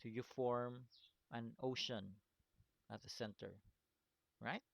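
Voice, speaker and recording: A man's voice: medium pitch, steady tone, slow pace, gravelly, no echo. A man teaching a screen-recorded lesson, walking through steps, often checking in with "okay?" and "right?", with a chuckle at his own slips. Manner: repetitive, stops to check understanding with "okay?" and "right?".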